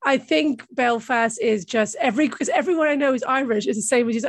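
High-voiced teasing woman podcast host. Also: fairly quick, gravelly, no echo. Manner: teasing, laughs often, animated. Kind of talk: casual chat.

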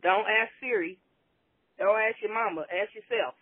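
A woman's voice: mid-range voice, normal speed, breathy edge, dry recording. A woman calling in to a podcast, talking in a blunt, joking, exasperated way over a phone line. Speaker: caller. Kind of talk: voicemail to a podcast. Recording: tinny phone line with faint noise.

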